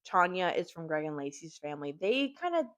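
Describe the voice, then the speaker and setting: A woman's voice: on the low side, a little fast. A young woman casually recapping a horror novel, full of slang and "like" fillers, acting out the characters' lines as she goes. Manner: slangy, filler-heavy storytelling with lots of "like"; animated, acts out characters' lines. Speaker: book reviewer.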